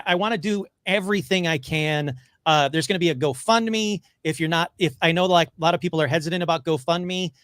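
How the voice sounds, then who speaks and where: A man chatting as a podcast guest, excitable and gushing, rushing through his stories. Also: fairly high pitch, no echo, clean studio sound. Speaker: podcast guest, paranormal investigator. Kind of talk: casual interview chat.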